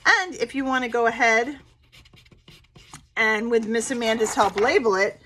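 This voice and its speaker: A woman teaching young children in a remote preschool lesson and reading a picture book aloud in a gentle teacher voice. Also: fairly high pitch, a little hiss or hum. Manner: slow, lively, sing-song teacher voice for little kids.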